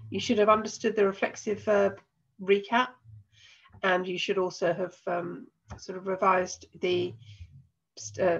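Husky woman teacher with a cold. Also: mid-range voice, lo-fi sound. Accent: English. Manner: patient, explanatory, spells out endings slowly. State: has a cold. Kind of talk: recorded online lesson.

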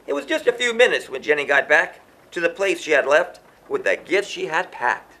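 A man's voice: a little high, very animated, normal speed, bright, forceful tone. A man reading a rhyming children's story aloud in a sing-song way, chanting the refrains.

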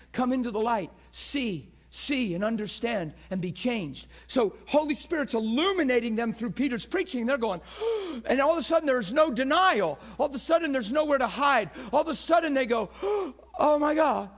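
High-voiced man preaching with fierce swings. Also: expressive, normal speed, few pauses. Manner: swings from loud shouting peaks to hushed near-whisper; acts out quoted crowd voices with gasps. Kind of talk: passionate sermon.

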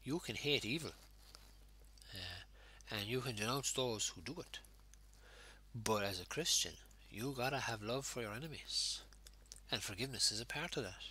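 A man's voice: medium pitch, expressive, normal speed, bright, forceful tone, slightly rough. A man with an Irish accent, a pastor giving an informal home worship sermon in a conversational way with fillers.

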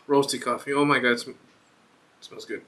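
Bright-voiced man rambling through a review. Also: mid-range voice, steady tone, normal speed. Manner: rambling, thinks aloud while reading a label. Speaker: beer reviewer host. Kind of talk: casual vlog review.

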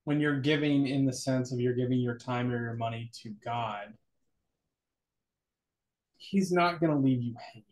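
A man's voice: medium pitch, normal speed, long pauses. A man co-hosting a casual church talk show, joking and musing aloud, then reading scripture verses. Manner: animated, jokey, muses aloud. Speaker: church podcast co-host.

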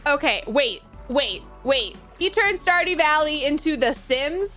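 A woman giving live reaction commentary as a gaming streamer, excitable and gushing, full of exclamations. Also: high-pitched, unhurried, faint music behind.

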